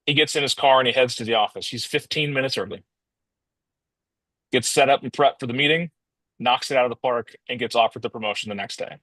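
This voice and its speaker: A man's voice: mid-range voice, a little fast, fairly bright tone, no room sound. A man telling a motivational story in a casual, rambling way, often restarting and calling his listeners guys.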